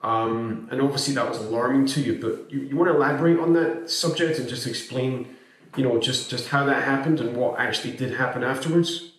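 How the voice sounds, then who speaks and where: A man's voice: medium pitch, brisk, fairly bright tone. A man hosting a podcast who asks his guest long, loose questions in a conversational way. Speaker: podcast host. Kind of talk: interview question. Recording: echoey, distant sound.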